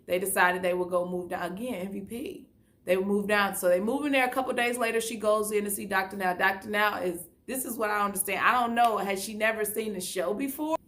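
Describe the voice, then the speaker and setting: A woman's voice: mid-range voice, bright, forceful tone. A woman giving a casual, chatty recap of a TV episode, often retelling scenes in quoted dialogue. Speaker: YouTube reality-show recapper.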